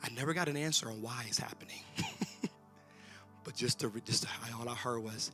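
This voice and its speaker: A man preaching a sermon in a church, talking in a loose, colloquial way and swinging between shouts and whispers. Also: mid-range voice, fairly quick, long pauses, soft background music. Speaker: pastor. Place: church sanctuary.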